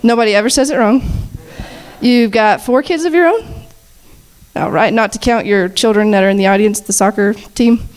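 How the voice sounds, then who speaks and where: A woman's voice: medium pitch, normal speed, a little mellow. A woman hosting a chapel-service panel, asking playful, teasing questions on a handheld mic and laughing often. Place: campus chapel gathering. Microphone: handheld mic shared with guests.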